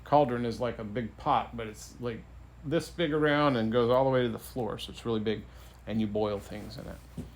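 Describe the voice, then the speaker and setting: A father telling his child a bedtime story in a playful, relaxed way. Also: mid-range voice, normal speed, a little hiss or hum.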